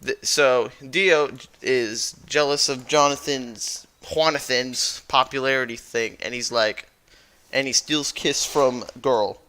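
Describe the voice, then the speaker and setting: A man's voice: mid-range voice, steady tone, takes it slowly, pushed and bright, a little hiss or hum. A man who jokingly recaps a story as a YouTuber, rambling and correcting himself as he goes. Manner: rambling, playful, self-correcting.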